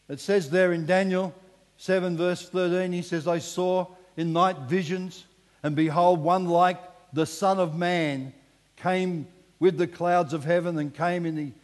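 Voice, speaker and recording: Male pastor, higher-pitched voice, animated sermon delivery, recorded with long hall reverb. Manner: animated preaching, drops to hushed emphasis, acts out voices. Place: church hall.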